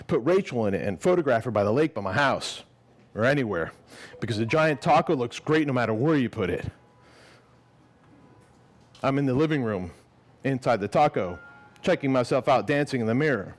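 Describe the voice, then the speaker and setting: A man reading his own fiction aloud to a live audience at a gallery event, expressive, then chatting casually and swearing. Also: mid-range voice. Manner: lively and expressive, casual and swearing when speaking off the page.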